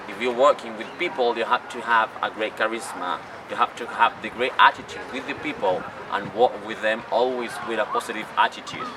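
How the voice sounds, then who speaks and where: A Chilean man whose first language is Spanish rambles in English to camera outdoors in a city, his mid-range voice picked up by a distant mic beside loud traffic. A job applicant and tourist guide, he tells stories chattily, with non-native phrasing.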